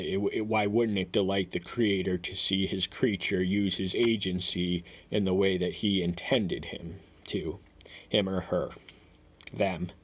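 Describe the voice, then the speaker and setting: A man with a fairly low voice teaches through a passage of scripture, one verse at a time. His talk is halting and full of fillers and restarts. When he quotes a verse he lifts his voice and reads it out more loudly. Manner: reads verses aloud in a raised voice. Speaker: Bible teacher. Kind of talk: verse-by-verse Bible commentary.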